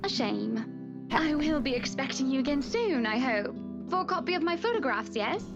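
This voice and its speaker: Genteel manor lady, high and polite, voiced by a woman. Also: very animated, normal speed, muffled recording, over loud music. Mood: prim polite. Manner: prim, polite, theatrical.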